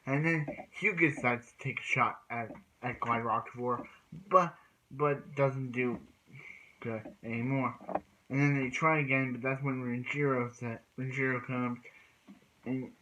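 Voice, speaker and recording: A man casually recapping a cartoon episode as a reviewer, halting and restarting his sentences often. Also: medium pitch, fairly even intonation, bright, forceful tone, slight background noise, rough recording. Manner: halting, frequent restarts and repeated phrases.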